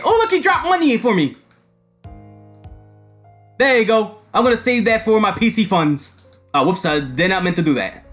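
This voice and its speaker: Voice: mid-range voice, a bit bright. Loose, laughing game streamer in casual commentary, swears freely, faint music under.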